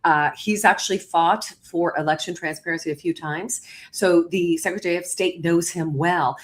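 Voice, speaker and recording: A woman hosts a live online talk show over a video call, telling her story quickly and with emphasis. Her pitch leaps upward on the key points, giving her storytelling an animated feel.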